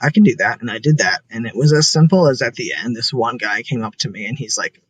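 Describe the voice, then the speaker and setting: A man's voice: mid-range voice, fast talker, slightly rough, no room sound, poor audio. A young man talking casually and earnestly as an interview guest, full of "like" fillers.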